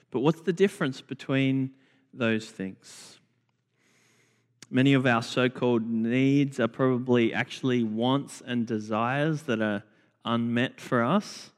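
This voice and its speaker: Slow man preaching in church. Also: medium pitch. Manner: slow, deliberate, with repeated phrases. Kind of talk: sermon. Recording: long church reverb.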